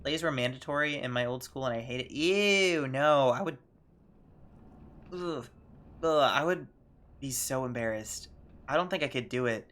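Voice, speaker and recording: A young man chatting casually while streaming a video game, self-conscious and quick to laugh. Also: mid-range voice, a bit bright. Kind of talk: casual gaming stream commentary.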